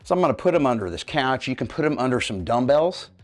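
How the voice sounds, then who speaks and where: A man's voice: mid-range voice, very animated, fast talker. A man in his fifties leading a home workout, getting out of breath while he demonstrates the moves and checks in with his viewers. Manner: coaching, checks in with "okay, guys?". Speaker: fitness coach. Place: home living room.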